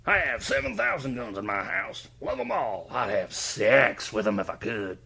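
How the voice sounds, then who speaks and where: A man voicing a loud, bigoted Texan author who brags and insults everyone, with a gravelly drawl. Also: mid-range voice, very animated, moderate pace, crowd noise. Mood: boastful. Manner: brash, hollering.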